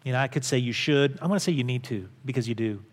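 A man preaching a sermon from the pulpit, earnest and emphatic. He drives points home by repeating phrases. His mid-pitched voice rings with the long reverb of a church sanctuary. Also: fast. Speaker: pastor.

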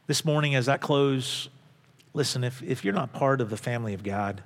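A man preaching a sermon from the pulpit, earnest and emphatic. He drives points home by repeating phrases. His mid-pitched voice rings with the long reverb of a church sanctuary. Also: moderate pace. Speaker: pastor.

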